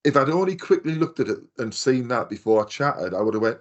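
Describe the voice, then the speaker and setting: A man's voice: mid-range voice, lively intonation, a little fast, crowd noise. A man, chatting casually on a podcast and telling rambling stories with the odd swear word. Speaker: podcast co-host. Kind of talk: casual chat.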